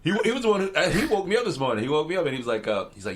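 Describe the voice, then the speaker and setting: A man's voice: on the high side, rapid-fire. A young man co-hosting a podcast, chatting casually and telling stories with lots of restarts. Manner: animated storytelling with restarts. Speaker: podcast co-host. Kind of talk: casual chat.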